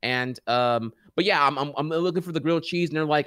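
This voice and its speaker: A man's voice: on the high side, brisk, fairly bright tone, smooth, dry recording, clean studio sound. A man on a casual podcast, ranting in exasperation and saying dude a lot. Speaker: podcast co-host. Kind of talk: casual chat.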